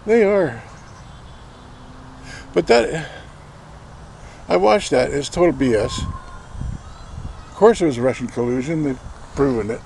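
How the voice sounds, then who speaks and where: A man's voice: fairly high pitch, animated, takes it slowly, vocal fry, pauses often, a little mellow, slight background noise. Profane rambling man. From Canada. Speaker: vlogger. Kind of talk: ranting political commentary.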